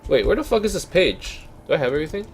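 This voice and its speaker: A man's voice: on the high side, very animated, quick pace, slight background noise. A young Canadian man with a Canadian accent, chatting casually while playing a game and thinking aloud. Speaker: let's play host. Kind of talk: casual gameplay commentary.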